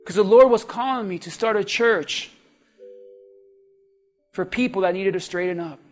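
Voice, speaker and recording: A man's voice: high-pitched, moderate pace. A man preaching a sermon as pastor, fervent and exhorting his congregation.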